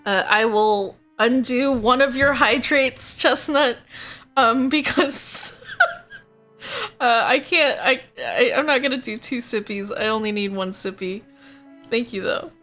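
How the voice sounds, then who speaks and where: A woman's voice: a little high, takes it slowly, fairly bright tone, faint music behind. A woman streaming a video game, chatting playfully with viewers, giggling and reading puzzles aloud. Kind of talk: casual let's play chat.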